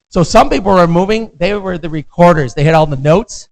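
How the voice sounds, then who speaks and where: A man's voice: high voice, a little fast, vocal fry, hardly any pauses, low-quality recording. A middle-aged American man giving a lecture as a visiting professor, in a conversational way that keeps checking in with the class. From United States.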